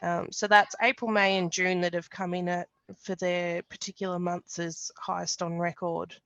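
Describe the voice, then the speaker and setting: A woman gives a webinar presentation on climate outlooks, explaining things in a measured way with ums and restarts. Her voice has a gravelly fry at the phrase ends. The call audio is dull and lo-fi but dry, with little room sound. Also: on the low side, flat delivery, a bit bright, dry recording.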